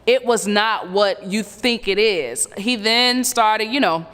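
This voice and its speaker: A woman in her thirties earnestly recounting a painful personal story, halting and full of fillers. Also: medium pitch, a bit bright, in a large hall. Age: 30s. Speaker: survivor telling her story. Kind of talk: personal testimony.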